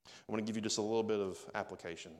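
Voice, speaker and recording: A man's voice: on the low side, steady tone, very fast, darkish tone. A man pastor preaching a sermon, conversational and speaking directly to his congregation.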